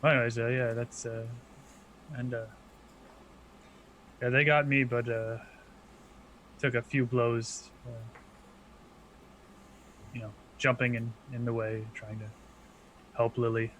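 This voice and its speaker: A man's voice: medium pitch, level tone, takes it slowly, long pauses, fairly bright tone, slight background noise, rough recording. A man playing a tabletop role-playing game, speaking hesitantly and stumbling over his words in character. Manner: hesitant, lots of uhs and restarts. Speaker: player. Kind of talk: casual tabletop role-play.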